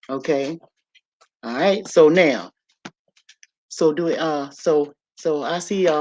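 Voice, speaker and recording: A woman hosting a casual livestream, telling a story and preaching to her viewers, with in her speech. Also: deep voice. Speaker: livestream host. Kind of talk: casual live-stream monologue.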